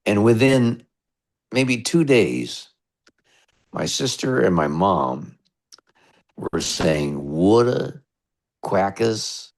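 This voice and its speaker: Deep gravelly-voiced American man. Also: very animated, drawn-out words, pauses often. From United States. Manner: chatty, rambling anecdotes. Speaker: radio DJ guest. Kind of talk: casual storytelling interview.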